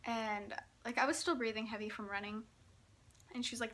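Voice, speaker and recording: A young woman telling a story in a casual vlog, giggling often and talking in an excitable, breathless way full of fillers. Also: fairly high pitch, moderate pace, noisy background. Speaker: vlogger.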